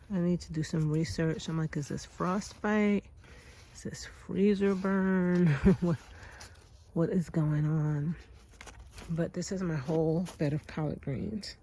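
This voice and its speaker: With a low, warm and slightly rough voice, a homestead vlogger in her thirties chats to viewers while walking her backyard garden. She sighs and calls them y'all throughout this casual garden vlog.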